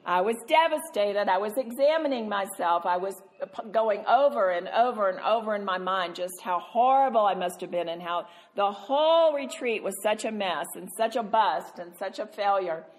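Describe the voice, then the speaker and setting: A woman Christian speaker telling a self-mocking story, animated and laughing often. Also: medium pitch, normal speed, hardly any pauses. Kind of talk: storytelling talk.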